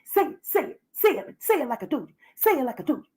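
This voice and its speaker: Woman voicing a brash gossip host, high voice, swooping pitch, husky, bossy profane orders. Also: very animated, a little fast, warm tone. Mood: bossy scheming.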